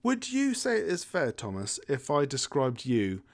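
A man with a mid-range voice and wildly swooping pitch speaks at a moderate pace. He's a podcast host in a casual film chat, wry and talkative, steering things with leading questions.

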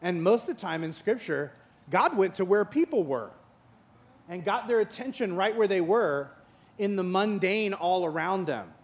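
A man with a notably high voice delivers a sermon as a pastor. He moves between humorous asides, where he acts out imagined conversations, and sincere, thoughtful teaching. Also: expressive, moderate pace. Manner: humorous storytelling with acted-out dialogue; earnest and reflective in teaching parts.

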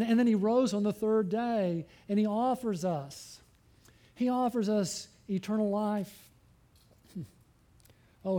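A man's voice: sits high, mellow. A man preaching a sermon as pastor, earnest and pleading, often asking his listeners questions and building to fervent appeals.

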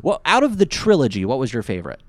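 A man's voice: medium pitch, wildly swooping pitch, quick pace, no room sound. A man co-hosting a casual podcast, rambling and stumbling over his words. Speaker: podcast co-host. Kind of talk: casual recap chat.

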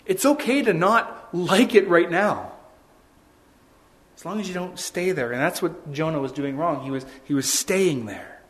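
Conversational male pastor, slightly high voice. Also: moderate pace. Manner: conversational preaching with rhetorical questions. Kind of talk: sermon.

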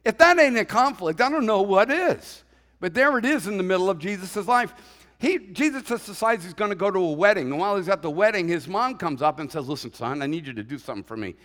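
A male pastor with a high-pitched voice delivers a relaxed, conversational sermon. He jokes, acts out little quotes and asides, and the sound rings with a long reverb from the church hall. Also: brisk. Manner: conversational preaching with humorous asides and acted quotes.

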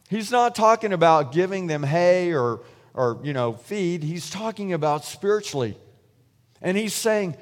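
A man's voice: on the high side, moderate pace. Man preaching a conversational sermon in a reverberant hall. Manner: conversational storytelling, acts out quoted voices.

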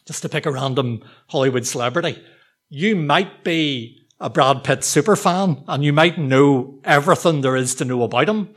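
A man preaching a sermon to a church congregation, talking in a relaxed, conversational, self-deprecating way with frequent ums and restarts. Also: a little high.

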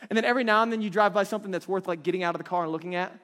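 Preaching in a big hall with long reverb, a thirtysomething male pastor speaks in a high-pitched, fairly bright voice at a very fast clip. He keeps the sermon conversational, often checking in with those listening.

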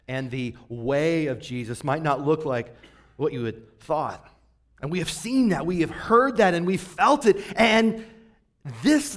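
A man in his forties preaching a sermon in a relaxed, conversational way, often tagging rhetorical questions onto his points. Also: a little high. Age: 40s. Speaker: pastor.

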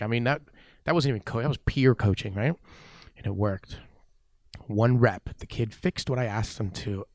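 A man's voice: fairly low pitch, dry recording, studio quality. A man around forty, a weightlifting coach, telling a story in an interview, acting out the dialogue and often saying "man". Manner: animated storyteller, acts out dialogue, says "man" a lot.

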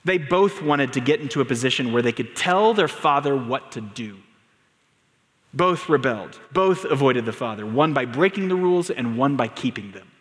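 A man's voice: mid-range voice, expressive, normal speed. A man preaching a sermon to his congregation, telling stories and building to emphatic, raised lines. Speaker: pastor. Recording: long reverb of a large room.

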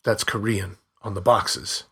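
A man's voice: on the low side, fairly even intonation, unhurried, creaky, a bit bright, breathy edge, heavily acted. A man voicing an anxious, married family man who swears and raises his voice. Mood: guarded.

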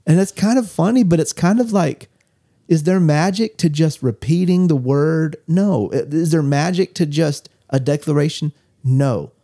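Mellow-voiced man telling stories. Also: fairly high pitch, normal speed. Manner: storytelling, reflective. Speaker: co-host of a church talk show. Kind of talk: casual faith discussion.

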